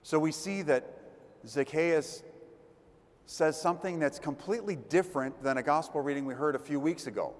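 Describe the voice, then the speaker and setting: A man's voice: fairly high pitch, normal speed. A man giving a conversational sermon as a priest, retelling gospel stories and acting out the crowd's voices. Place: church. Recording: long church reverb.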